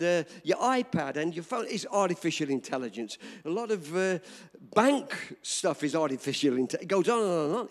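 An older man preaching a storytelling sermon to a live audience, animated and emphatic, speaking directly to the crowd. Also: fairly high pitch.

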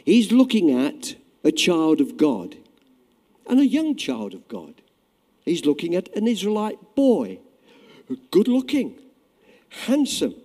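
A man preaching a sermon, animated and direct, addressing his listeners. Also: sits high, slow, pauses often. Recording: long reverb in a hall.

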